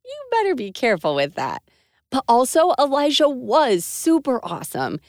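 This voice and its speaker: A woman co-hosting a kids' faith show, bright and encouraging in cheerful scripted chat. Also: high voice, huge pitch swings, moderate pace, dry recording, clean studio sound.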